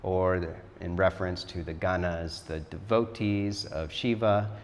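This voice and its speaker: Casual male storyteller-teacher, relaxed and chatty, low voice, long reverb. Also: a little slow, slight background noise. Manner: chatty, relaxed, says "like" a lot. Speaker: yoga teacher.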